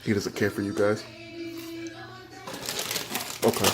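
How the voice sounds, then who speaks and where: A man's voice: medium pitch, animated, moderate pace, background noise. A man vlogging at home, chatting earnestly and casually as he answers relationship questions, with asides and restarts. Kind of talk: casual vlog chat. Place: his home, walking from bedroom to kitchen.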